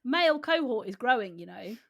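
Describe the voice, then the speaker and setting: A British woman co-hosting a chat podcast in a high, lively voice that leaps around in pitch. She teases in a chummy way, calling her sister pal and mate, and her voice sounds close and dry. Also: a little fast, creaky, dry recording. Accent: British English. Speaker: podcast co-host. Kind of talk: casual chat.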